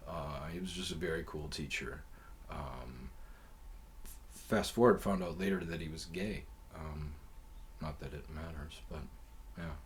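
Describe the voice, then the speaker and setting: A man's voice: extremely low pitch, unhurried, pauses often, a little hiss or hum. A man hosting his own show, telling a rambling story in casual, profane talk full of fillers. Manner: profane, loose and conversational with many fillers. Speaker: podcast host.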